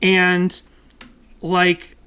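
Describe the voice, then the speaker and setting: A young man co-hosting a podcast in casual chat, rambling at length, talking loudly and laughing often. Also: sits high, monotone, very slow, smooth. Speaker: podcast co-host.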